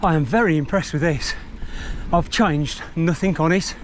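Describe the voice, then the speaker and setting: Out on rural trails, this man talks his way through a mountain bike review at a moderate pace, his fairly high voice wandering from point to point with plenty of self-mockery. There's slight background noise.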